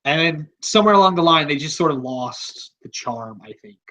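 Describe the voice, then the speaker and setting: A man's voice: fairly high pitch, animated, normal speed, a bit bright, rough recording. A man hosting a podcast, talking in a rambling, offhand, casual way and swearing freely. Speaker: podcast host.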